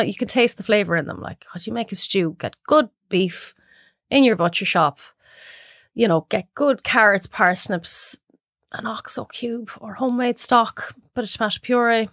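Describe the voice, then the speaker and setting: A young Irish woman, a cook appearing as a podcast guest, chats casually in a slightly high voice, animatedly telling stories and imitating other people's voices. The sound is clean studio audio with no room echo.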